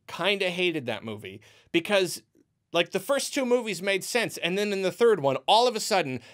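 A man ranting in a movie review, exasperated and rambling, with many restarts. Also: a little high. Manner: acts out quoted reactions in an animated way.

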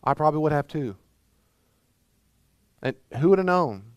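A man's voice: on the high side, lively intonation, normal speed, smooth, no echo. A man from Mississippi with a Southern accent, preaching a sermon as pastor, emphatic and full of rhetorical questions.

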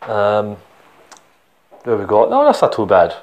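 A man's voice: fairly low pitch, huge pitch swings, a little slow, highs cut off. Chatty man with a Cork accent. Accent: Cork Irish. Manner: chatty, encouraging, checks in with the viewer. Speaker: painting teacher. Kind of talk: step-by-step painting tutorial.

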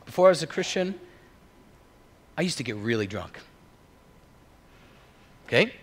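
Lively, emphatic man preaching. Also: mid-range voice, husky. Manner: emphatic, swings from hushed to loud. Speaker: pastor. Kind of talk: sermon.

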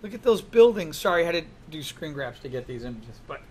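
A man teaching a class in a classroom, lively and full of questions to the students. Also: a little high, quick pace, breathy edge. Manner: animated, asks the class many questions. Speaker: art instructor. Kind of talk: classroom lecture.

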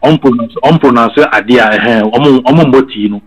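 A man's voice: medium pitch, normal speed, a crowd in the background, poor audio. A Ghanaian man talking casually, switching between Twi and English and often repeating his words. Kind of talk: casual chat. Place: living abroad in England.

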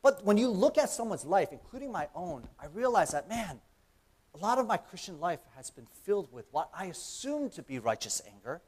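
A man's voice: high-pitched, fairly quick, husky. A young man giving a casual, conversational church sermon, acting out imagined dialogue and often asking "right?". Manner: animated, acts out imagined dialogue, frequent "right?". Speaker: preacher. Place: church sanctuary.

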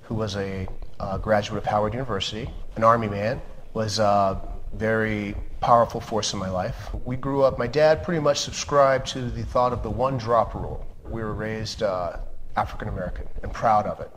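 A man from Appalachia, a surgeon telling his life story in an interview, in an earnest, measured, firm way. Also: on the low side. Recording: lingering reverb, faint background hum.

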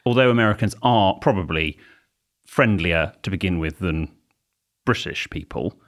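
A man's voice: low-pitched, animated, moderate pace. A man co-hosting a comedy podcast, telling wry, rambling anecdotes in casual chat. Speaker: podcast co-host.

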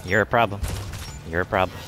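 A man with a fairly low voice talks through his gameplay, grumbling and swearing at the screen in exasperation. Game music plays clearly behind him. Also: fairly even intonation, brisk, sharp tone. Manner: frustrated, swearing, talking to the game. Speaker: let's play gamer. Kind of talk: casual gameplay commentary.

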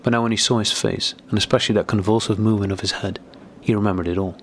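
A man narrating a classic novel as an audiobook in a measured, deliberate reading. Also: lowish voice, fairly even intonation, slight background noise.

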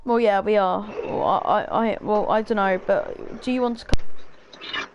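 A woman's voice: medium pitch, measured pace, muffled recording. A woman chatting casually while gaming, hesitant and stammering, restarting her sentences. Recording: clear background noise.

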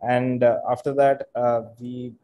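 A man's voice: mid-range voice, level tone, a little slow, phone-quality sound. A man in his twenties with an Indian accent, hesitantly presenting his project with many fillers on a video call. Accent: Indian English. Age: 20s. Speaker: startup founder presenting. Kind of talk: casual video call pitch.

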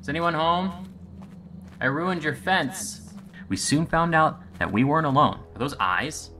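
A man's voice: a little high, animated, unhurried, pushed and bright. A man doing let's play commentary on a horror game, joking and talking to the game, easily spooked. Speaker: game streamer.

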